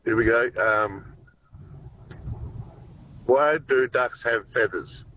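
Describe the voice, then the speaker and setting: An Australian man calls a radio show and tells a joke slowly and deliberately. His bright voice comes through a dull phone line with faint traffic noise behind it. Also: medium pitch. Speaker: caller. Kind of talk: casual phone chat.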